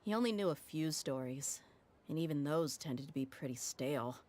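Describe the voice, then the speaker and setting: A woman's voice: low-pitched, lively intonation, moderate pace, darkish tone. An actress playing a tough young woman who leads a desert mercenary band, blunt and matter-of-fact. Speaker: game character in a played cutscene. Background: faint game music.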